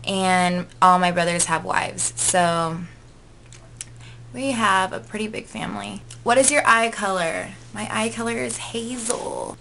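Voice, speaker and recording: A woman's voice: mid-range voice, measured pace, vocal fry, a bit bright, a little hiss or hum. A woman in her twenties, a vlogger, chatting casually through tag questions in a gushing way, full of "like" and "um". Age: 20s.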